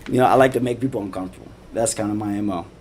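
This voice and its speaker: A man's voice: on the low side, very fast, darkish tone, a little hiss or hum. A man and father of three talking casually on a livestream, rambling, repeating himself, swearing and laughing. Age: adult father. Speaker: live streamer.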